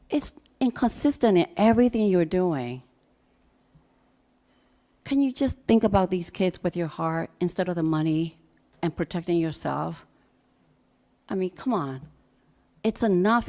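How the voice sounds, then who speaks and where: A mother giving an emotional, halting public comment at a school board meeting, pleading with the board. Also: lowish voice, dark tone. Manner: pleading, halting, restarts often.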